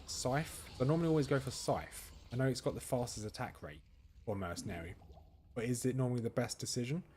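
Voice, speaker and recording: A man's voice: mid-range voice, fairly quick, a little mellow, slight background noise. A man giving casual commentary as he plays a game, thinking aloud and answering viewers' questions. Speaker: gaming streamer.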